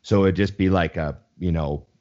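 A man's voice: low-pitched, normal speed, a little mellow. A young man co-hosting a podcast in casual chat, rambling and swearing freely, often restarting his sentences. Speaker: podcast co-host. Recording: slightly dull lo-fi sound.

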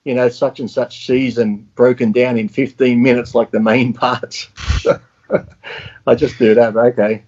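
A man's voice: mid-range voice, flat delivery, measured pace, darkish tone, slightly rough. A man in casual chat, blunt and profane, telling stories with animation. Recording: dull lo-fi sound.

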